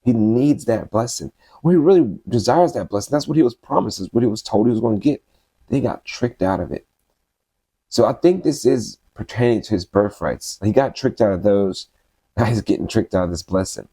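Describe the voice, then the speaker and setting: A man's voice: on the low side, expressive, a little fast, dark tone, husky, no room sound. A man giving casual, slangy Bible study commentary, reading passages aloud and then riffing on them conversationally.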